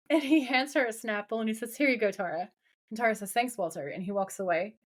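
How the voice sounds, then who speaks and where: A woman's voice: a little high, brisk. A woman co-hosting a podcast, casually recapping a TV episode and acting out its dialogue. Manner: animated, retells scenes in quoted dialogue. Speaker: podcast co-host.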